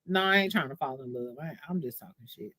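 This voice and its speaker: A young adult woman hosting a casual livestream chat, telling stories in a candid, profane, animated way. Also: very deep voice, fast, husky, dry recording. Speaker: livestream host.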